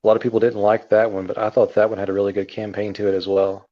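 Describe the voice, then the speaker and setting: A man's voice: fairly low pitch, little pitch movement, fast, lo-fi sound. A man co-hosting a casual video game chat, earnest and friendly. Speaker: co-host.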